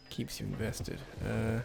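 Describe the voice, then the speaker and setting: Gravelly-voiced guy mumbling through a puzzle game, music going behind him, now and then blurts out when it doesn't work. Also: medium pitch, mellow. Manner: muttering to himself while thinking aloud, self-deprecating. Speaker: gameplay commentator. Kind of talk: casual puzzle game commentary.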